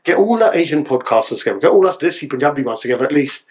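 A man's voice: mid-range voice, animated, very fast. Man, podcast guest, chatty storyteller, casual talk. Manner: chatty storyteller, keeps tagging lines with "yeah?". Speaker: podcast guest, solicitor and actor.

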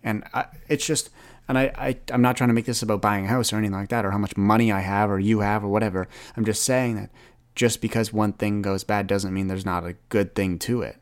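A man's voice: on the low side, steady tone, brisk. A man in his twenties talking earnestly in a rambling solo podcast monologue, often restarting his sentences. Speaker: podcast host.

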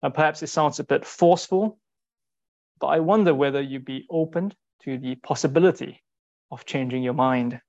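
A man giving a sermon in an earnest, rhetorical way, repeating short phrases and pausing for weight. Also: medium pitch, darkish tone, lo-fi sound. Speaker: speaker giving a Bible talk.

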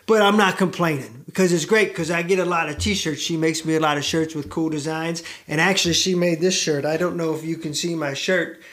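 A middle-aged man from the United States talks straight to the camera in a loose, wandering way, full of fillers and side stories. His voice sits slightly higher than most men's, and he pokes fun at himself as he goes. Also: a little fast, few pauses, fairly bright tone. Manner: chatty, self-deprecating, digressive with many fillers. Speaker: show host and musician. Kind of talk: rambling casual storytelling to camera.

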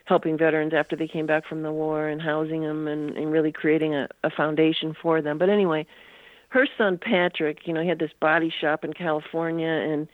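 A woman's voice: low voice, flat delivery, a little fast, no echo. An older woman, a guest author, telling a long story in an interview and filling it with "you know" asides. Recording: tinny phone line.

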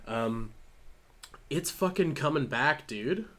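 A man's voice: medium pitch, expressive, takes it slowly, fairly bright tone. Tipsy man rambling profanely. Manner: loose and profane, rambling with fillers. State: slightly tipsy. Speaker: podcast co-host. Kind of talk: casual chat.

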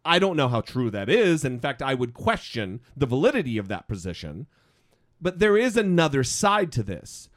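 A man's voice: medium pitch, moderate pace. A man hosting a podcast, talking in a casual, opinionated, rambling way with many restarts. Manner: rambling, animated, restarts often. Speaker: podcast host.

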